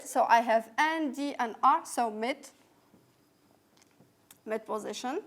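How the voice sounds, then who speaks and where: A woman with a high, light voice and a French accent walks students through English sounds. She is patient and careful, repeating each example word slowly and clearly. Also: a bit bright. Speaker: English teacher. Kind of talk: recorded phonetics lesson.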